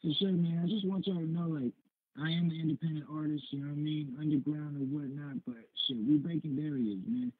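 Raspy male guest over a phone line, easygoing chat, a little high-pitched. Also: fairly even intonation, fairly quick. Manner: easygoing, repeats filler phrases. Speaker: guest, independent rap artist. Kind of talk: casual interview chat.

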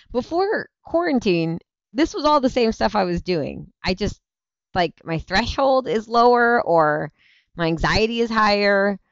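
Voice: medium pitch, no room sound. A worn-out parent chats loosely with a livestream audience, drifting from topic to topic and cutting off their own sentences. The sound is dry and a little dull, like lo-fi stream audio. Laughs come easily between the restarts. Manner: rambling, chatty, self-interrupting, laughs easily. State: tired, yawning. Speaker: livestream show host; parent of young kids. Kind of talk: casual livestream chat answering viewer comments.

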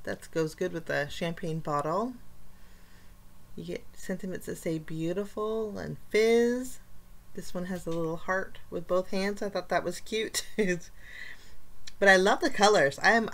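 A woman hosting a casual craft unboxing, chatty and enthusiastic, with frequent fillers. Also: lowish voice. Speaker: craft channel host.

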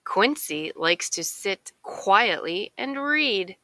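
Slow, expressive woman reading a picture book. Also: mid-range voice, no echo. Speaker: narrator. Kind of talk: children's picture book read-aloud.

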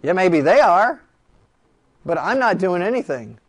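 A man teaches a law class in a classroom, his voice sitting a little high. He talks in an animated, joking way and keeps throwing rhetorical questions at the students. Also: measured pace. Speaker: law lecturer. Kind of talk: classroom lecture.

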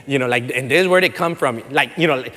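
A man's voice: mid-range voice, fast. Man, pastor, conversational sermon, Spanish phrases mixed in, long church-hall reverb. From Texas. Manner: animated, conversational preaching with frequent fillers and acted quotes; mixes in Spanish words and phrases.

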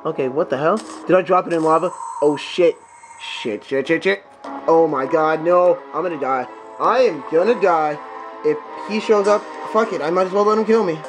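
A young man doing profane, excitable let's play commentary, talking back to the enemies on screen. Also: fairly high pitch, moderate pace, music in the background. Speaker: gameplay commentator.

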